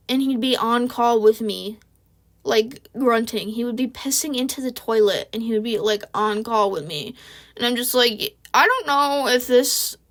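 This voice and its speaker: A woman with a high, bright-toned voice tells a casual storytime into a home mic. She talks in loose slang, swears often and keeps a sarcastic edge. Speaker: vlogger. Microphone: home recording mic.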